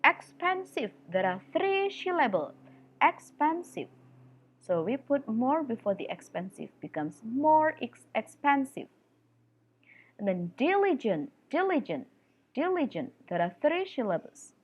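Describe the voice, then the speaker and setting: A woman's voice: a little high, big pitch swings, measured pace, darkish tone. A woman teacher with an Indonesian accent explains English grammar step by step, repeating key words for emphasis. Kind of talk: classroom explanation.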